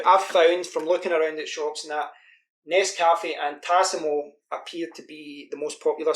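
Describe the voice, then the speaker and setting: A man from the UK giving a casual, rambling product demo at home. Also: on the high side. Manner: chatty, rambling with fillers. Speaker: product reviewer. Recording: echoey room with faint hiss.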